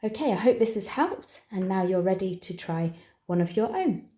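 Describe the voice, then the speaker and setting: A woman with an English accent teaching, who explains each step clearly and patiently and slows down for the phrases she models. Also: mid-range voice, animated, mellow, roomy sound. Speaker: language teacher. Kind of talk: exam preparation tutorial.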